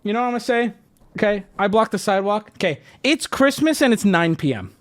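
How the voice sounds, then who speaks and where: A man in his thirties telling an exasperated, profane story to his live stream, swinging between yelling and low muttering. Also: lively intonation, a little fast.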